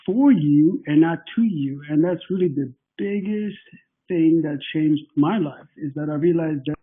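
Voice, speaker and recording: Hoarse man with a husky, fading voice. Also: fairly high pitch. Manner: joking, playful, halting. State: losing his voice, husky from flu. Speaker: fitness program creator, guest. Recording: tinny phone-line audio.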